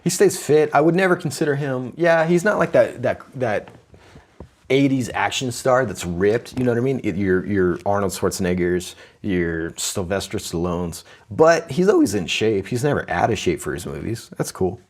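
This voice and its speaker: A man's voice: on the low side, expressive, moderate pace. A man co-hosting a comedy podcast, chatting casually and teasing his friend with bursts of laughter. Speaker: podcast co-host.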